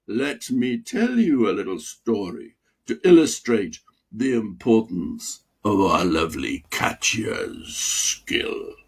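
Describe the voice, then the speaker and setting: A man voicing an older Russian medical dean with a Russian accent and a deep velvety voice, telling a teasing story slowly and theatrically. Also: breathy edge, heavily acted. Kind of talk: memoir reading aloud.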